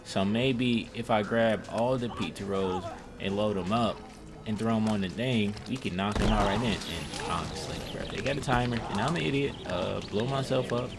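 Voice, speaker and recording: Young male gamer, lowish voice, loose profane play-by-play, noisy room. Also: moderate pace. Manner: slangy, profane, self-mocking storytelling. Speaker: gameplay commentator. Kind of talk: casual gameplay commentary.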